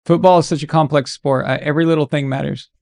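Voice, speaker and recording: A man running a live watch-along of a game, with a slightly higher voice than most. He chats loosely with his viewers. He moves between play-by-play reactions and easygoing personal stories. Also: fairly even intonation, quick pace, creaky, darkish tone. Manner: casual, encouraging, chatty. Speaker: watch-along stream host.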